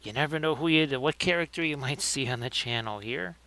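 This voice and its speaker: A man's voice: mid-range voice, a little fast, bright, forceful tone. A man hosting a livestream, chatting casually and joking as he talks through painting his miniatures. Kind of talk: casual live commentary.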